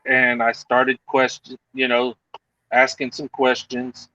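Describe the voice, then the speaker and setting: A man's voice: mid-range voice, takes it slowly, highs cut off. A man telling a story in casual chat over a video call, acting out the other people in it. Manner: animated, acts out other people's lines.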